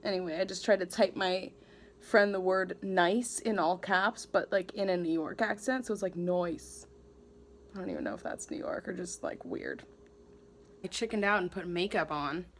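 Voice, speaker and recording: A woman's voice: on the low side, lively intonation, normal speed. A young woman vlogging casually to the camera, thinking aloud in a rambling, self-mocking way. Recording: faint background noise.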